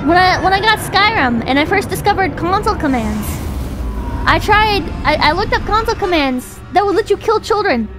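A woman with a very high, bouncing voice gives playful gameplay commentary, talking straight to her chat. She exclaims often and swears freely. Game music plays clearly behind her. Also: lively intonation, fairly quick. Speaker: streamer.

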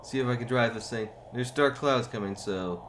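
A man's voice: mid-range voice, normal speed, a bit bright, slight background noise. A man streaming a video game, who exclaims at the game and teases his brother in casual chat.

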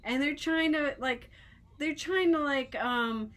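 A woman's voice: high voice, slow. A woman chatting casually to camera, telling funny stories with lots of fillers and restarts, and often laughing. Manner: giggly, animated, breaks into laughter. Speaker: vlogger.

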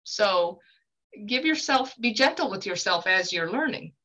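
Woman, guest medium, bright voice, earnest and animated, mid-pitch. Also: measured pace, lo-fi sound. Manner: earnest, animated storyteller with emphatic pitch swings. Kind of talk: conversational teaching talk.

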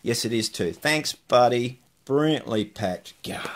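A man's voice: mid-range voice, lively intonation, normal speed, a little hiss or hum. A man hosting a casual unboxing vlog, chatting to viewers and muttering asides to himself as he opens his mail. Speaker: host opening mail.

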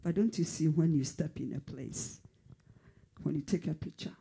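A fervent male pastor delivering prophecy with a dark, husky tone. He repeats his phrases for emphasis and at times sinks to a whisper. His pitch sits somewhat high for a man. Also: normal speed. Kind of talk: prophetic sermon.

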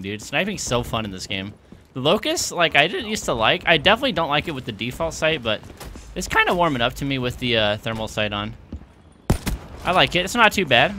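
A young man commentating his video game play, out of breath, excitable and yelling at big moments. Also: a little high, slight background noise. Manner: excitable, shouts at big plays, self-mocking. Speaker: gaming YouTuber. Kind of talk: gameplay commentary. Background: game gunfire and explosions.

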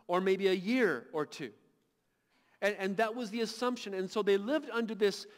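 A man preaching a sermon as pastor, impassioned and emphatic, building to loud peaks and often repeating words as he restarts. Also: high voice. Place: large church hall. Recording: long reverb of a church hall.

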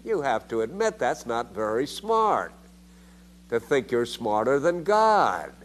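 An older man delivers a theology lecture at a slow pace, speaking emphatically and posing rhetorical questions. His pitch swings widely, jumping up suddenly for emphasis.

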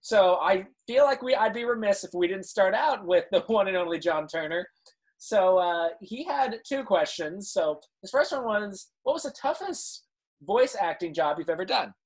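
A man's voice: sits high, animated, normal speed. A young man hosting a live interview show. He is upbeat and laughs often as he reads out viewer questions. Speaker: livestream host.

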